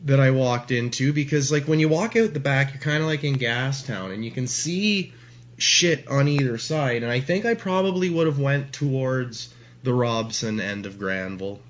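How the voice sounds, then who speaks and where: A podcast guest from Ontario, Canada, a man in his forties, spins a casual, rambling story packed with profanity and frequent restarts. His voice is medium-pitched at normal speed, and the audio sounds dull.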